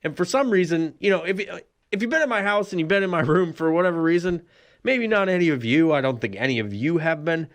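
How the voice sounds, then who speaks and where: A man's voice: fairly high pitch, expressive, quick pace. A man hosting a solo podcast, telling a rambling, profane comic story and laughing often. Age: adult with a son. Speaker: podcast host.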